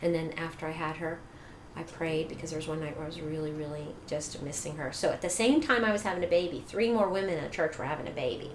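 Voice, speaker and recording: A middle-aged woman telling her personal story as an interview guest, animated, laughing often and acting out quoted dialogue. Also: deep voice, quick pace. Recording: echoey room with faint noise.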